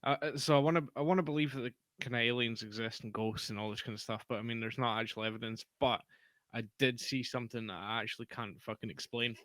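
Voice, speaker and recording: A man's voice: mid-range voice, fairly even intonation, fast talker, fairly bright tone, no room sound. A man telling a story in a casual, sweary, rambling way on a podcast. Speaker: podcast co-host.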